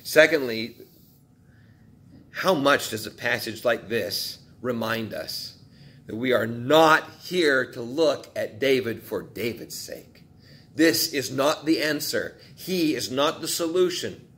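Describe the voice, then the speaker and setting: A man's voice: mid-range voice, animated, slow pace, a bit bright. A male pastor preaching a sermon in a conversational way, asking his listeners questions and acting out quotes from the text.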